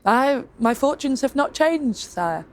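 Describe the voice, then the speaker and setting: A sly, wheedling woodcarver bluffs and talks fast to cover his tracks, as a woman storyteller puts him on. The voice swings from eager and high to low and hushed. Fast-talking storybook fun. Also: animated. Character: scheming sly male woodcarver, quick with excuses.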